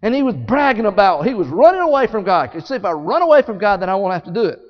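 A man preaching a sermon as a story, animated and folksy, acting out scenes with sound effects. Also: sits high, quick pace. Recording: echoey hall, dull sound.

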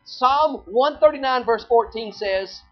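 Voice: mid-range voice, a little slow. A preacher giving a sermon, asking the listeners rhetorical questions, repeating phrases and quoting scripture in old-fashioned wording. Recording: dull lo-fi recording with faint music.

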